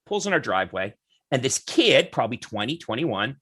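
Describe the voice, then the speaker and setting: A man from Nova Scotia, Canada, telling stories as a podcast guest in an animated way. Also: mid-range voice, fairly quick, husky. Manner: animated, acts out characters. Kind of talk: casual storytelling.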